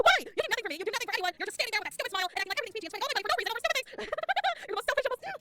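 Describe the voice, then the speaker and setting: High, bright-voiced woman ranting over gameplay. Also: animated, very fast. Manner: exasperated ranting, frequent laughter. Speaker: let's play streamer. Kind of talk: casual gameplay commentary.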